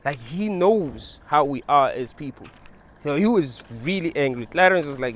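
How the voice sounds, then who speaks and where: Loose, rambling man with a higher voice. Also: animated, normal speed, a bit bright, slight background noise. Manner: rambling, loose, laughs often, many fillers. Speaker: video creator. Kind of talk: casual monologue.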